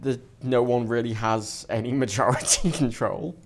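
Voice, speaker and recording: A man explains at length in casual podcast talk, stumbling and restarting as he goes. His voice sits at an ordinary middle pitch. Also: steady tone. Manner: rambling, halting explainer with restarts. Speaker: podcast co-host.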